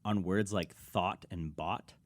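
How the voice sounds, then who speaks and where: Low-voiced Texan man, chatty co-host. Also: fairly even intonation, slow. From Texas. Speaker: podcast co-host. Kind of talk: casual chat.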